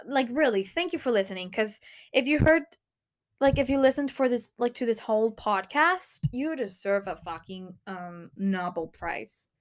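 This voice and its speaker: Frustrated teenage girl podcasting from her bedroom. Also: a little high. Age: teens. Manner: frustrated, swears a lot, sudden exclaims. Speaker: podcast host. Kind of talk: casual solo podcast chat. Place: small bedroom.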